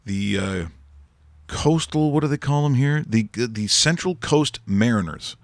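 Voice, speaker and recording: A man's voice: medium pitch, expressive, a little slow, dry recording. A man hosting a sports talk show, joking and rambling in casual studio banter. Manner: jokey, rambling, with frequent restarts and laughs. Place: radio studio.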